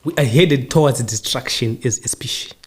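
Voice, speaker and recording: There's slight background noise behind a man speaking at normal speed in a mid-range voice. He hosts a podcast and reflects on questions in a relaxed interview style, often repeating short lines.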